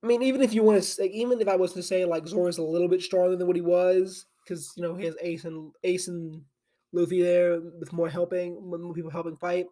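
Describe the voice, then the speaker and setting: A man's voice: high voice, flat delivery, fairly quick, warm tone. A young man hosting an anime channel, recorded at his home desk on camera, retelling a story in a loose, sleepy, rambling way full of "like" and restarts. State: sleepy and yawning.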